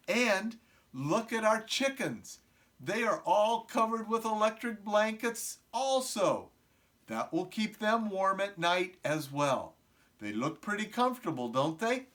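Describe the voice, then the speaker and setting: A middle-aged man reading a picture book aloud to preschool children, often stopping to ask them questions. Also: on the high side. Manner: slow, animated, asks the children questions. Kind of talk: storybook read-aloud to young children.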